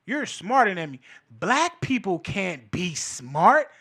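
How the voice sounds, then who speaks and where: Male host, casual profane commentary, high bright voice. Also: unhurried. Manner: animated and profane, laughs between points. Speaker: show host. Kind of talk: casual cultural commentary monologue.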